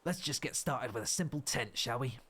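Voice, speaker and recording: A man voicing a genial older male raccoon businessman in a video game, in a low, hushed, measured voice. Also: animated, a crowd in the background, close to an everyday voice. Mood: genial, businesslike.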